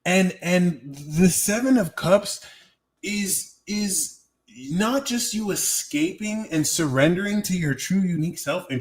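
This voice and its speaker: Young guy doing a tarot live, kinda high voice, swears a lot, chatty. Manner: profane, slangy, animated, answering chat. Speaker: tarot reader. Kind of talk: live-stream tarot reading.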